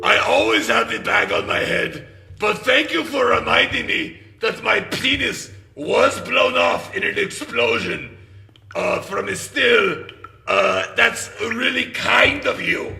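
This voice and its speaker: A man voicing a crude masked ghoul metal singer who hosts a call-in segment, shouting profanity in a mock-menacing way. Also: lively intonation, takes it slowly, roomy sound, full character voice. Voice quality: gravelly, shrill. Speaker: host of a call-in question segment.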